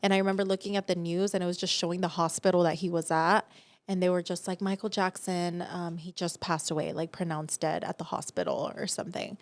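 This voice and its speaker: Animated young woman telling stories. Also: on the low side, fairly quick, dry recording. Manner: animated storytelling, acts out quotes loudly. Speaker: podcast co-host. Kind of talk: casual chat.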